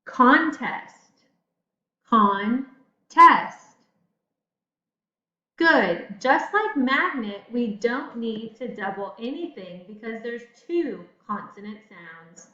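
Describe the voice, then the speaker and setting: Slow, encouraging woman teacher. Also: fairly high pitch, lively intonation, pushed and bright. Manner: slow, encouraging teacher talk to young students. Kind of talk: recorded classroom lesson. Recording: echoey room, dull lo-fi audio.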